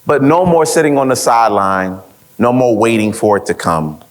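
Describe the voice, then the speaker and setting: Man, motivational talk, live audience, lively swinging pitch, storytelling, rhetorical repeats. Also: moderate pace. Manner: rhetorical repeats, quoting others in lively voices. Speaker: speaker at an event.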